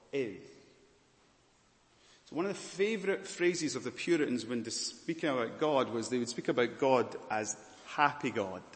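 A man preaching a sermon, earnest and expressive, swinging from raised emphasis to quiet softness. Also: medium pitch. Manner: earnest preaching, rising loud then dropping to soft. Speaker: pastor. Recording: long hall reverb.

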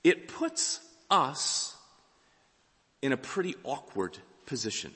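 Animated preacher man in a reverberant hall. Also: mid-range voice, slow pace. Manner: animated, emphatic delivery with dramatic quotes. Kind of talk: sermon.

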